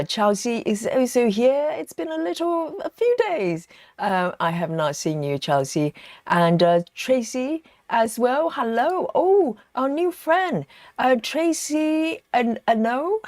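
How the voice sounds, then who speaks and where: A woman hosting a live cross-stitch stream, greeting viewers by name in a chatty, upbeat way, her voice jumping higher on greetings. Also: no echo, clean studio sound. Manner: lively pitch jumps when greeting. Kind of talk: casual live-stream chat.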